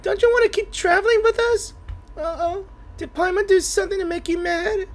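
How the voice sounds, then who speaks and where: A gamer reading a game's dialogue aloud, voicing a small excitable female companion in a high, childlike put-on voice. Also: brisk, soft background music. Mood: pleading. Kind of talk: voicing a game character's lines.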